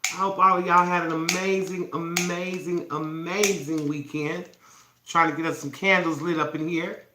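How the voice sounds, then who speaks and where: In a candlelit indoor room, a woman hosts a casual morning livestream for her self-love challenge using her phone. Her lowish voice moves at a moderate pace with fairly even intonation, and she's playful and affectionate, calling viewers babies. Faint background noise and room echo are audible.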